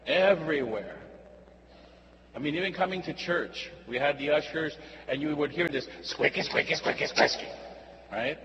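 Priest with a slightly high voice in a reverberant church. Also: male voice, normal speed. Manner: conversational, often asks "right?". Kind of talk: homily with personal storytelling. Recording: dull recording with long hall reverb and faint hum.

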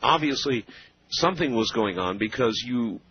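A man's voice: medium pitch, expressive, normal speed, husky. A man hosting an interview, curious and asking questions with stumbling restarts. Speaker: radio host. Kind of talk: interviewing a guest. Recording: dull lo-fi radio sound.

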